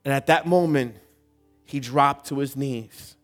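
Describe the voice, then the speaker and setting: A man's voice: mid-range voice, unhurried, soft background music. A man preaching a sermon through a story, asking the congregation questions and building to emphatic points.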